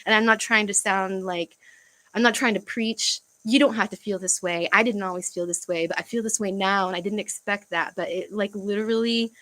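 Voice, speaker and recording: A young woman chatting casually on a livestream from home, halting and searching for words, with frequent fillers and sighs. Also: mid-range voice, steady tone, pushed and bright, poor audio. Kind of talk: casual livestream chat reading comments.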